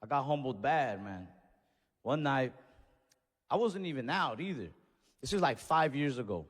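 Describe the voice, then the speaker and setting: A man doing stand-up storytelling on a comedy club stage, animated, acting out voices and yells. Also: mid-range voice, moderate pace. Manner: animated, acts out voices and yells in his stories. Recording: stage mic in a reverberant venue.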